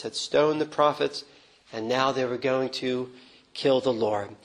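A man preaching a sermon on a gospel passage, earnest and unhurried, with small restarts as he explains the text. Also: medium pitch, low-quality recording.

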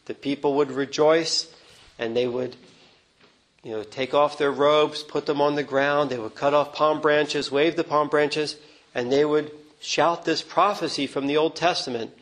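Earnest unhurried male preacher. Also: a little high, steady tone, fairly bright tone, poor audio. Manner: unhurried, earnest, with restarts and quoted lines. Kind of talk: sermon on a gospel reading.

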